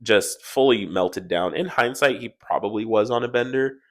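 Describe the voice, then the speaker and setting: A man's voice: medium pitch, normal speed. A young man co-hosting a casual podcast, rambling through work stories and acting out what people said. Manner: rambling storyteller, acts out quotes. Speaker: podcast co-host. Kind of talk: casual chat.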